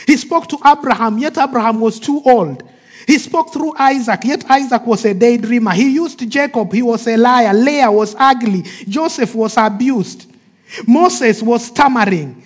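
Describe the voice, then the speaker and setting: A man preaching a sermon with emphatic delivery that drops to soft, hushed phrases, acting out the voices of the people in his stories. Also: very high voice. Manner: acts out quoted speech of the people in his stories.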